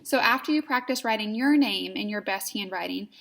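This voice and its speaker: A woman teaching young children in a slow, clear, patient way, spelling words out letter by letter in a sing-song manner. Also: mid-range voice, lively intonation, a bit bright. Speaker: kindergarten teacher.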